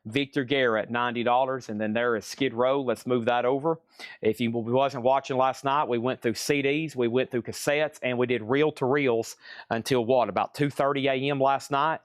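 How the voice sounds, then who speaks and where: A man's voice: mid-range voice, clean tone, no echo. Man calling a live record auction. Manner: rapid patter calling bids and prices. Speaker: live sale host. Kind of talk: live-stream auction selling. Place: shop with record crates.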